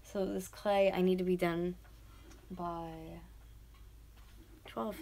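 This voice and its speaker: A woman's voice: fairly low pitch, flat delivery, slow, vocal fry, long pauses, warm tone. A woman in her twenties chatting casually to viewers while she sculpts, rambling and dropping into whispers as she works. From North America. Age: 20s. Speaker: YouTuber.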